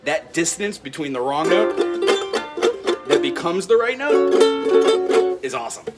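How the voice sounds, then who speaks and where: A man's voice: high-pitched, wildly swooping pitch, a little slow, loud music behind the voice. A man teaching a ukulele lesson in a friendly way, counting beats aloud and explaining scales and chords. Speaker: music teacher. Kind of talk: instrument lesson. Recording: ukulele playing behind the voice.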